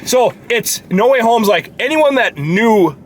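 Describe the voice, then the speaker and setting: A man co-hosting a casual movie chat in a car, slightly hoarse from yelling, animated, swearing freely and laughing often. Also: extremely high pitch, unhurried, a little hiss or hum. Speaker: co-host. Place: inside a parked car.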